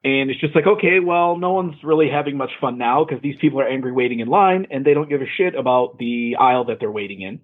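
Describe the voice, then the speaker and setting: A man chats loosely on a podcast and swears freely. His voice is husky and sits at an ordinary pitch. It comes through a narrow, tinny, phone-like line. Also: quick pace, few pauses. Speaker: podcast co-host. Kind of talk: casual chat.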